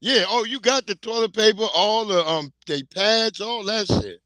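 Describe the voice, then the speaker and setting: Middle-aged guy on a livestream, high bright voice, goofy profane storytelling, laughs a lot. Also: normal speed, no room sound. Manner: rambling comic storytelling, profane, laughing often. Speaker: livestream host. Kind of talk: casual livestream chat.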